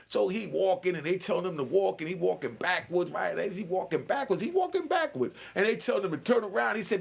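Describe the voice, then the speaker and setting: Older new guy riffing on his stream, gravelly and husky, voice swings all over. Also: sits high, sing-song, a little fast. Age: 60s. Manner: loose streetwise storytelling, keeps asking "you know what I mean". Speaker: commentary channel host. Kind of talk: casual livestream commentary.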